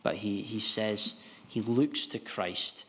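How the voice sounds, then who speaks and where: A man preaching a sermon in an earnest, halting way, often restarting his sentences. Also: lowish voice, sharp tone. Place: gospel hall. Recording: long hall reverb.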